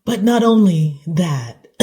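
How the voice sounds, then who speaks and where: Emotional woman talking slow, mellow dark tone, halting a bit. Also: mid-range voice. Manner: emotional, halting, clears throat. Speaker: commentator. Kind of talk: emotional reaction monologue.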